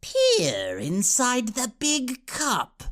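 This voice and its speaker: An ancient chaos witch in a storybook reading, high and shrill, as a male narrator puts her on. She shrieks with greed and then sinks to a slow, scraping whisper. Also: huge pitch swings, fairly bright tone, exaggerated voice. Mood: slow eerie.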